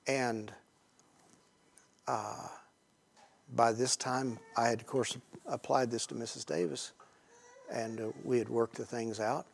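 A man preaching to a group in a storytelling sermon, conversational and halting, with many pauses and fillers, swinging between hushed and loud emphasis. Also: mid-range voice, steady tone, gravelly. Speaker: Christian teacher speaking to a group.

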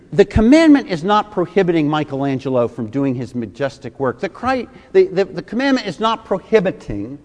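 A man's voice: fairly high pitch, sing-song, normal speed. Emphatic preaching man in his fifties. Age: 50s. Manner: emphatic preaching with repeated rhetorical questions. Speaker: pastor. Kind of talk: sermon. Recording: long reverb of a large hall.

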